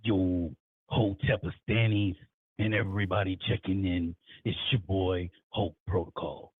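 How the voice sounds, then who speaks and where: A man's voice: low voice, little pitch movement, a little slow, husky, no echo. A man calling in to a talk show, brash and confident. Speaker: caller. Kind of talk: call-in commentary. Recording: tinny phone line.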